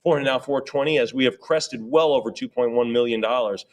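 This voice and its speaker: A male auctioneer runs a live sale in a steady chant of rising bids. Between the numbers he tosses off quick jokes and teasing asides to the bidders. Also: mid-range voice. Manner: rapid repetitive bid chant with joking asides. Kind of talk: live auction bid calling.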